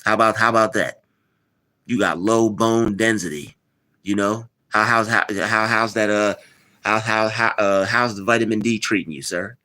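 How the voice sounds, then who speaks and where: A man's voice: lowish voice, flat delivery, normal speed, pushed and bright. A man hosting a live stream, talking casually, teasing and replying to his chat with lots of repetition. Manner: mocking, repetitive, replies to chat.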